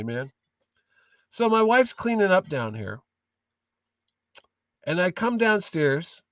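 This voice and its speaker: Animated joking man, distant mic. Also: high voice, no echo. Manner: animated, jokey storyteller. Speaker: guest, comic con owner. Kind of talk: casual storytelling interview.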